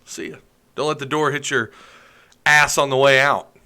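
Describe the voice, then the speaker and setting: Bright-voiced joking stream host, a man. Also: mid-range voice, little pitch movement, normal speed, smooth. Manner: joking, sarcastic, chatty. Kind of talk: casual live stream chat, reading comments.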